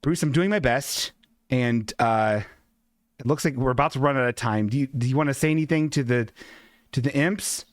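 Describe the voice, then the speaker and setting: A man's voice: mid-range voice, normal speed, no room sound. A man hosting a comedy show, rambling and chuckling through his stories.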